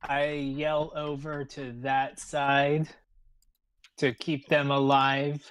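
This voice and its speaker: Slow, hesitant man at the game table. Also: a little high, completely flat delivery, fairly bright tone, clear, resonant tone. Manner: slow, hesitant, thinking aloud through turns. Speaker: player.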